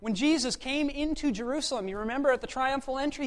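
Preacher in mid-sermon, emphatic and repetitive, dynamic from forceful to hushed. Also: a little fast, few pauses. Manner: expressive, swings between loud emphasis and hushed lows; repeats words for emphasis.

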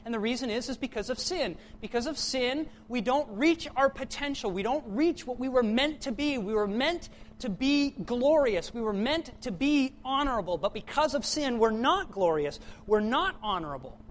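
A man's voice: extremely high pitch, animated, normal speed. A man preaching a sermon in an earnest way, often repeating words and correcting himself as he goes.

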